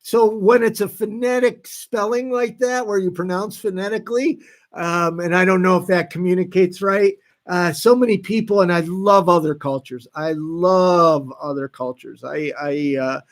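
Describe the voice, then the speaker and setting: A man hosting a live stream, reading out viewer comments in a casual, halting way with frequent restarts. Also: sits high. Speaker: livestream host reading chat.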